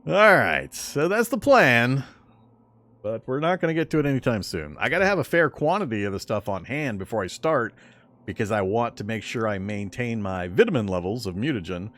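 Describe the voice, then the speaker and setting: A man's voice: mid-range voice, big pitch swings, moderate pace, fairly bright tone. A man giving casual, rambling commentary on his survival game run, often chuckling and correcting himself mid-sentence. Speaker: game streamer.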